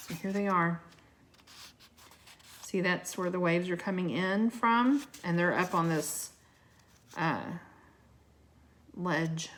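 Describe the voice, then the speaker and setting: Low-voiced woman reading aloud. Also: slow pace, pauses often. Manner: expressive, chatty asides to listeners. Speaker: storybook reader. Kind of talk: reading a children's book aloud.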